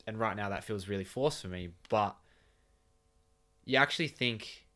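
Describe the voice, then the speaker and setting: Low-voiced Australian man, blunt and sweary. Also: normal speed, bright, forceful tone. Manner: blunt and casual, swears freely. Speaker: podcast co-host. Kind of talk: casual podcast chat. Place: home bedroom.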